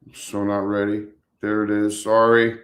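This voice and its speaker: A man's voice: fairly low pitch, completely flat delivery, moderate pace. A man hosting a casual live stream, rambling to his viewers and talking to his dogs.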